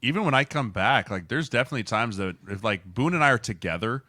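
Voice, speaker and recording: Bright-voiced ex-lineman, easygoing. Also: mid-range voice, expressive, quick pace, dry recording. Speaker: podcast co-host, former NFL lineman. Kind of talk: casual chat.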